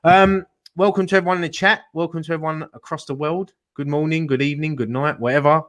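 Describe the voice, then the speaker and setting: A man's voice: a little high, steady tone, quick pace, fairly bright tone. A man hosting a live fan chat show, joking and laughing a lot as he leads the talk. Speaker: host.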